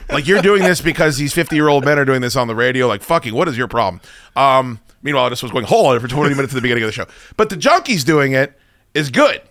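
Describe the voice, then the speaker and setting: A man's voice: medium pitch, expressive, quick pace, fairly bright tone, no room sound. A man from the United States hosting a podcast, chatting casually in a rambling, profane, opinionated way. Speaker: podcast host. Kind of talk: casual chat.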